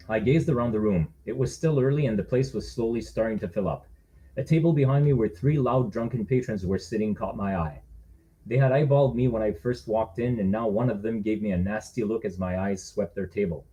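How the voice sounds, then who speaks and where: A man's voice: fairly low pitch, fairly quick, warm tone, rough recording. A man, the author, reading his own thriller aloud in a wry, conversational first-person narration.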